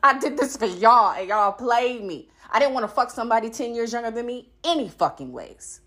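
A woman in her thirties hosting a podcast, telling a story in a blunt, profane, animated way. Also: fairly high pitch, a little fast. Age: 30s. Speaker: podcast host. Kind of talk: casual storytelling.

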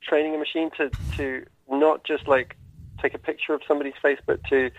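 A hesitant man calls in to a radio chat, stumbling over words as he explains. His voice sits somewhat high and comes through a dull, lo-fi line. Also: flat delivery. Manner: hesitant, halting, soft-spoken. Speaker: guest caller.

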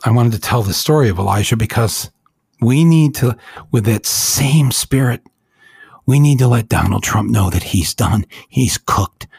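A man giving impassioned, angry commentary with a husky voice. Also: fairly low pitch, lively intonation, moderate pace, darkish tone, dry recording, clean studio sound. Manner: angry, emotional, accusatory.

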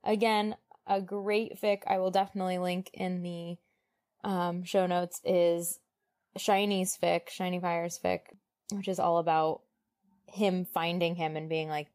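A woman's voice: lowish voice, level tone, a little mellow. A woman co-hosting a podcast who reads passages from a novel aloud and breaks off to joke and laugh. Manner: joking, laughs often, pauses on fillers. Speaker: podcast co-host. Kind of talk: casual chat mixed with reading aloud from a novel.

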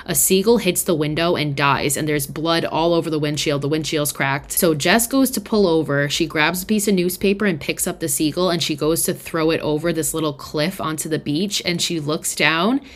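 A young woman with a low voice hosts a podcast, talking through a film's plot in a loose, casual way. She swears freely and peppers her speech with "like". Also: normal speed, hardly any pauses. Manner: chatty, swears often, fillers like "like". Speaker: podcast host. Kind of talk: casual film recap.

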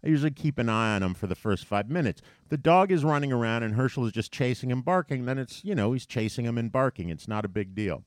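Profane, animated man telling a story. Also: medium pitch, quick pace, few pauses, no room sound, clean studio sound. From New York. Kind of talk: casual chat.

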